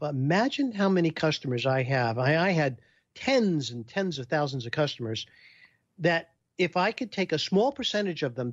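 Man guest, animated storyteller, slightly high voice, dull lo-fi dry sound. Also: no echo. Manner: animated storyteller who acts out quotes. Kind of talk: storytelling in a podcast interview.

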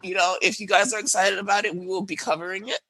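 A woman's voice: medium pitch, little pitch movement, quick pace, sharp tone, slightly rough. A woman co-hosting a podcast in a casual, gossipy chat, laughing often. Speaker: podcast co-host.

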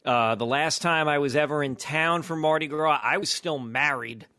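A man's voice: a little high, moderate pace, pushed and bright. A man, co-hosting a podcast and telling wry, self-mocking stories. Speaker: podcast co-host. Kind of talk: casual chat.

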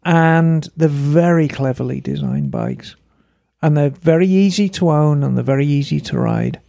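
A man's voice: on the high side, big pitch swings, normal speed, vocal fry, warm tone, no echo, clean studio sound. A man co-hosting a motorcycle podcast, chatting casually and telling rambling stories. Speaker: podcast co-host. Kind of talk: casual chat.

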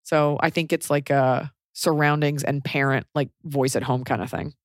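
Woman, Texan accent, podcast co-host, rambling chatty talk, slightly low voice. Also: fairly even intonation, normal speed, no echo, studio quality. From Texas. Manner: chatty, rambling, frequent "like" fillers. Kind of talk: casual podcast chat.

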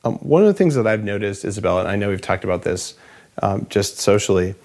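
A man hosting a health interview, talking in a relaxed, rambling, jokey way. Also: lowish voice, fast talker. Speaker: podcast host. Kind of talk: casual interview chat.

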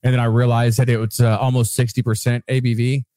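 A man's voice: mid-range voice, little pitch movement, quick pace, warm tone, no room sound. A man, co-hosting a casual chat show, wisecracking and laid-back. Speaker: co-host.

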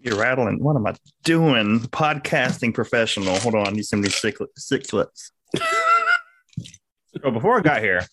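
A man's voice: mid-range voice, lively intonation, normal speed, noisy background. A young man with a Southern accent and a lisp, telling a rambling story at speed as a podcast co-host, laughing and swearing often. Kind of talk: casual chat.

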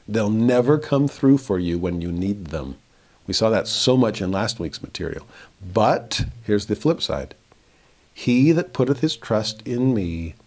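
A man with a fairly low voice teaches through scripture verse by verse. He reads each passage slowly and deliberately, then explains it in plain words, building emphasis as he paraphrases. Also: darkish tone.

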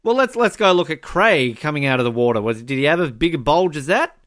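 A man co-hosting a podcast, teasing and chatting quickly over a film commentary. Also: on the high side, lively intonation, fairly bright tone, no room sound, clean studio sound. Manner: fast, teasing. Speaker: podcast co-host. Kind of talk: casual movie commentary chat.

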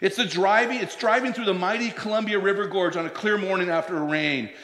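A man in his fifties, a pastor preaching a sermon who tells stories and slows down to stress scripture lines. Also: high-pitched, fairly bright tone. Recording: echoey hall, long reverb.

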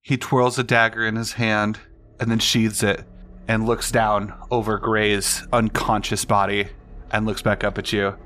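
A man's voice: lowish voice, level tone, a little slow, sharp tone. A man running a tabletop game, narrating and speaking with a smug, taunting manner. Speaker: game master. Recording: faint music behind.

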